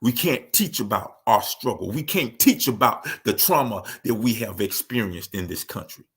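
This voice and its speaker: A man's voice: fairly low pitch, animated, moderate pace. A man speaking in an emphatic commentary monologue who repeats key phrases for stress.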